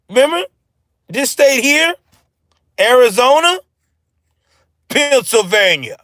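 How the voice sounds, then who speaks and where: A man hosting a live stream, giving ranting political commentary in a profane, animated way and answering his chat. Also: extremely high pitch, unhurried, pauses often, dry recording.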